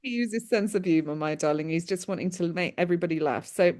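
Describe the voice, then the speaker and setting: A woman's voice: fairly low pitch, fast. Laughing woman medium. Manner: animated, laughs often, relays spirit messages with warm endearments. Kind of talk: mediumship reading.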